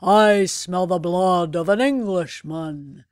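A woman voicing a huge man-eating male giant who bellows a slow chant, storybook style. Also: lowish voice, a little mellow, clear, resonant tone, dry recording, studio quality. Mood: bellowing.

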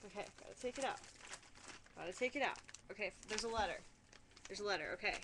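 A young woman talking casually to her webcam, excitable, giggly and swearing freely while she opens a package in her room. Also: mid-range voice, fast talker, noisy background. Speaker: vlogger.

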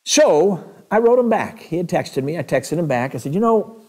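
Chatty evangelist man, higher voice. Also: sing-song, normal speed, a little mellow. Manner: conversational storytelling with chuckles. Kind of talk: sermon. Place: church.

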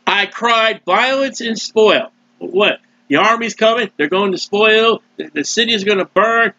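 A man preaching a sermon loudly and emphatically, with mocking asides and sudden swings in his voice. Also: high voice, a little slow, dry recording, dull audio. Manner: mocking asides and short laughs. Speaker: street preacher.

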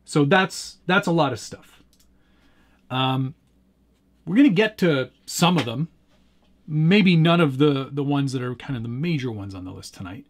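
A man's voice: mid-range voice, expressive, a little slow, long pauses. A man hosting a casual live stream, rambling and chuckling as he answers chat while working with his hands at a desk. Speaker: livestream host.

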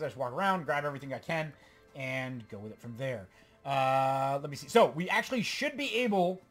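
A man hosts a let's play, rambling through excitable gameplay commentary and talking to himself. His pitch sits a little high.

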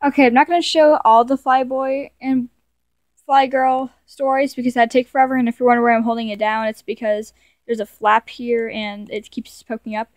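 Young woman creator, chatty and self-deprecating, trips over words; fairly high voice, dry. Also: level tone, a little fast, no room sound. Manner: rambling and self-mocking, stumbles and corrects herself. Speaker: video creator. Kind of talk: casual commentary reading her childhood stories aloud.

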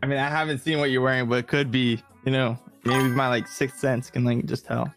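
A man's voice: medium pitch, level tone, brisk, music in the background. A young man on a casual gaming stream, rambling as he explains things, full of fillers. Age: young adult. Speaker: co-player.

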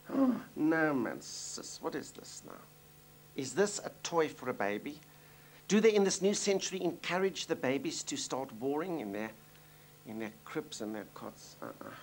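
A man's voice: fairly high pitch, slight background noise. A man playing a doting, gossipy older Jewish mother with a South African accent in a TV sitcom. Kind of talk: TV sitcom acting.

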